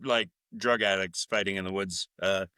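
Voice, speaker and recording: Male podcast co-host, casual and crude, bright tone, dry close sound. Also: sits low, fairly even intonation, normal speed, clear, resonant tone, no echo. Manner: rambling, profane, laughing loudly, mimicking characters. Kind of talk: casual chat recapping a film.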